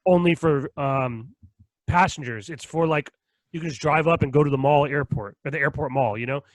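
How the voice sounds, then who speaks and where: A young man co-hosting a podcast, telling stories in an animated, profane way with frequent laughs. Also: fairly high pitch, moderate pace, dry recording. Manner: animated storytelling, heavy swearing and laughter. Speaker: podcast co-host. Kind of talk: casual chat.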